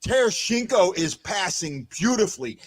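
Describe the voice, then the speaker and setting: A man hosting a live fan show, excitable and given to shouting and chanting. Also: sits high, moderate pace, faint music behind. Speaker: host of a fan livestream show.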